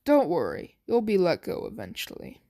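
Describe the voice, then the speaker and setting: A woman voicing a cruel male mad scientist who gloats in drawn-out words in an amateur fan story reading. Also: on the low side, gravelly, exaggerated voice. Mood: calm. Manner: gloating, drawn-out, rising to excited cries.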